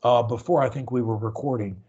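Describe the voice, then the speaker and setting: A man's voice: medium pitch, fairly even intonation, a little fast, darkish tone, husky, dull audio. A man coaching speech in an earnest, emphatic way, often repeating words. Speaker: stuttering coach. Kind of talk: coaching session.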